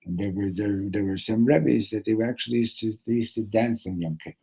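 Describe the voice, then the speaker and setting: A man teaching a Torah class, telling a story and acting out the characters with sudden loud shouts, mixing in Hebrew terms. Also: fairly low pitch, fast talker, gravelly, breathy edge, low-quality recording. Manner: mixes in Hebrew and Yiddish terms.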